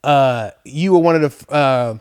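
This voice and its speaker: A man's voice: medium pitch, normal speed, clear, resonant tone, no room sound, studio quality. Laid-back man hosting a podcast. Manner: friendly, relaxed, uses slang like "man". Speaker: podcast host. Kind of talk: casual interview chat.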